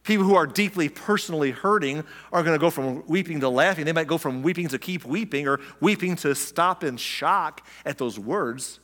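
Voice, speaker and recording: A pastor preaches a sermon in a conversational style, putting questions to his listeners and acting out quotes. His voice sits on the high side and is fairly bright, moving at a normal speed with few pauses. A long reverb tail follows his words.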